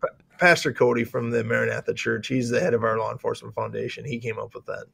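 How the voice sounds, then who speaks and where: A man's voice: medium pitch, flat delivery, quick pace, creaky, a bit bright, slightly rough, dry recording. A middle-aged man with an Upper Midwest American accent, a county sheriff co-hosting a casual talk show, talking in upbeat, rambling bursts that often restart mid-sentence. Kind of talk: casual chat.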